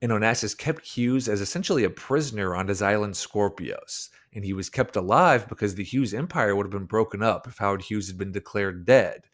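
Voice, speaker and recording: A man delivers scripted narration in a fairly low voice. He lays out the story steadily and leans on key turns. The pacing stays even and measured. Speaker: documentary narrator.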